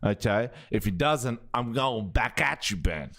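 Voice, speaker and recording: A man's voice: medium pitch, lively intonation, measured pace, vocal fry, fairly bright tone. An Australian man, a comedian and radio announcer, guesting on a podcast with joking, teasing banter. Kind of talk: casual podcast chat.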